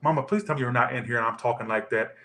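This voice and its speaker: A man with a drawl reads tarot cards live in loose, profane, teasing banter, at a middling pitch for a man. His voice rings with a roomy echo. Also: rapid-fire, pushed and bright. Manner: crude, joking, profane banter. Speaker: tarot reader. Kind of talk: live tarot reading chat.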